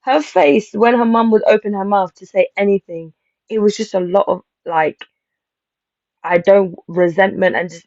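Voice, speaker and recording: A woman hosting a casual reality-show review panel, talking in animated, rambling bursts and laughing as she acts out quotes. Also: mid-range voice, moderate pace, vocal fry, no echo. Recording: slightly dull lo-fi mic.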